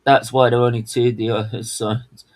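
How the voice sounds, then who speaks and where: With a flat delivery at normal speed and medium pitch, a man co-hosting a race watchalong fumes and swears at the drivers in a heated commentary rant. The recording is rough.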